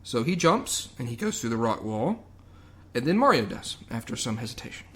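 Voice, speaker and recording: A man's voice: medium pitch, very animated, normal speed. Rambling sarcastic man reviewing a movie. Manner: rambling, sarcastic, with loud mock quotes. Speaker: podcast co-host. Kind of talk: casual movie review chat.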